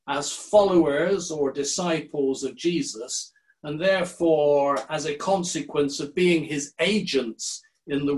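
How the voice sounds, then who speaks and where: Older male preacher, unhurried sermon delivery, slightly raised pitch. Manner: measured, deliberate delivery with quoted scripture. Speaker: minister.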